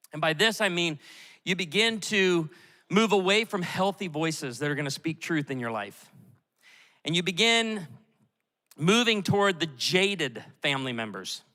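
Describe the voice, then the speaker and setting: A middle-aged man preaching a sermon as pastor, animated and storytelling, acting out the voices he quotes. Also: high voice. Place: large church auditorium. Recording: long hall reverb from a church auditorium.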